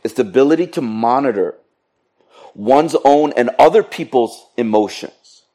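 A middle-aged man preaching a sermon in a lively, joking way with playful asides to the congregation. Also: mid-range voice, moderate pace. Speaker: pastor.

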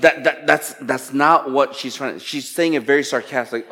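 A man preaching a sermon, reading scripture and explaining it in an animated way, acting out quotes with sarcasm. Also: medium pitch, normal speed, few pauses. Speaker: pastor.

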